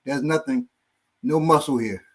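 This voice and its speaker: A man's voice: mid-range voice, measured pace, recorded from a distance. A man teaching self-defense in a casual group talk, demonstrating moves as he speaks. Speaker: martial arts instructor.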